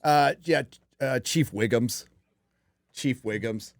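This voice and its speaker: A man hosts a livestream show, chatting casually in a rambling, profane style packed with fillers. His voice sits in the mid-range and moves at a slow pace. The recording is studio quality with no room sound.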